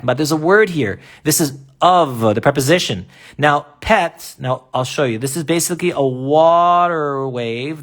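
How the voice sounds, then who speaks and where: A man explaining step by step in a live online lesson, often asking rhetorical questions and pausing to draw. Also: fairly high pitch, fairly bright tone. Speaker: teacher. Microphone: laptop or phone mic in a live stream.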